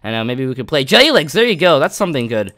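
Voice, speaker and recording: A young man from Canada casually commentating his own gameplay, excitable and yelling at near misses. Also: mid-range voice, quick pace. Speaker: gaming YouTuber.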